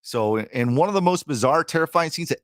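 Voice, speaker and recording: Lässiger Podcast-Host, lebhafte Männerstimme. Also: male voice, fairly high pitch, expressive, fast, fairly bright tone, dry recording, studio quality. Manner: laughing, slangy, says "bro". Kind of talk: casual chat.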